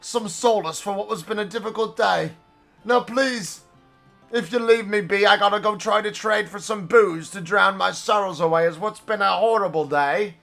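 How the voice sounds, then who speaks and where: Guy putting on a high whiny drunk gambler, stammering and begging, gravelly edge. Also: normal speed, fairly bright tone, soft background music. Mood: grateful. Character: cowardly drunk male gambler, whiny and pleading.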